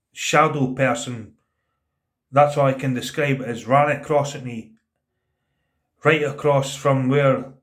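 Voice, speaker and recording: A man tells a personal story on a vlog. He speaks earnestly, stumbles and repeats words, and often drops to a quieter voice when quoting people. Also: medium pitch. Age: 30s. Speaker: vlogger telling a personal story. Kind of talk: casual spoken storytelling.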